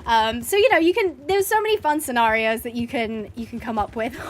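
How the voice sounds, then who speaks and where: A woman's voice: on the high side, normal speed, a little hiss or hum. A woman chatting casually and laughing while playing a horse game as a streamer. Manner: chatty, giggly, rambling. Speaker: gaming streamer.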